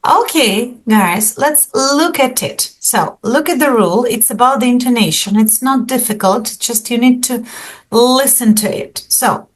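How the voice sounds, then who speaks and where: A woman teaches English online, her voice sitting a little high. She explains in a slow, deliberate way, pausing often between phrases. She is heard through an online call microphone.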